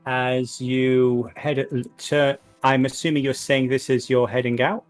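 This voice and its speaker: A male game master narrating a tabletop session at a slow, relaxed pace. His voice sits mid-range, and he pauses often with fillers as he sets each scene. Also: mid-range voice, faint music behind. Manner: unhurried, filler-heavy narration.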